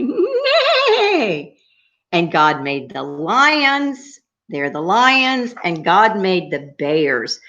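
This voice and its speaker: A woman reading a story to young children, gentle and sing-song, often pausing to ask them questions. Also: low voice, muffled recording.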